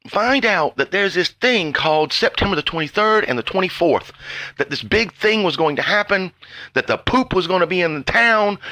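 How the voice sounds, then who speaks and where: A man ranting angrily at his viewers, swearing constantly and mocking them in sarcastic voices, jumping from low mutters to sudden high outbursts. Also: sharp tone, dry recording. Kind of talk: angry profane rant.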